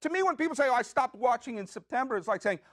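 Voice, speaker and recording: A man in his thirties or forties hosting a comic solo podcast in a high, wildly swooping voice. He rambles with excitable jokes and quick asides. The sound is dry and close, taped in a small community media studio. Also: no echo. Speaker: podcast host.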